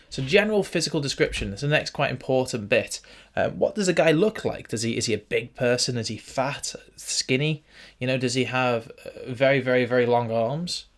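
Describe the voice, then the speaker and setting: A young man hosting a casual writing tutorial, chatting and thinking aloud as he works through a form. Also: medium pitch. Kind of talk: casual screen-recorded tutorial. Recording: faint background noise and typing clicks.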